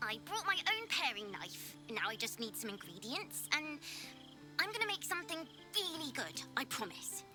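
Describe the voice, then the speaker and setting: Eager game companion, high lively voice, music under it. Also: female voice, moderate pace. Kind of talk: video game voice acting.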